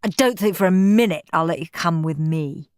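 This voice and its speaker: A woman's voice: fairly low pitch, moderate pace, darkish tone, clear, resonant tone, no room sound, clean studio sound, lightly acted. A woman voicing a bratty, scheming schoolboy who talks fiercely and cheekily. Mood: defiant.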